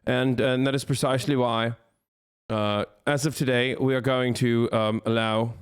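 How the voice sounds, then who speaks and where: A man's voice: medium pitch, steady tone, normal speed, clean tone, lightly acted. A man doing a mock British accent as a blustering male prime minister, stumbling over fillers and slang. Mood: bumbling.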